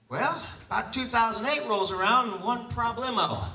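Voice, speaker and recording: A man's voice: very high voice, moderate pace, few pauses, sharp tone, reverberant, distant mic, slight background noise, rough recording. A man telling a personal story to an audience, acting out both sides of his conversations. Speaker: real estate investor telling his story.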